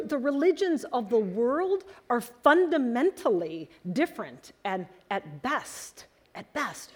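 A woman preaching a sermon to her congregation, telling stories in an earnest, animated way. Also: high voice. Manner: earnest storytelling, animated emphasis.

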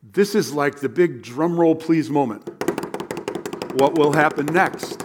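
A man preaching a sermon as a pastor, animated and conversational, sometimes dropping to a hush. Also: on the high side, slow, breathy edge.

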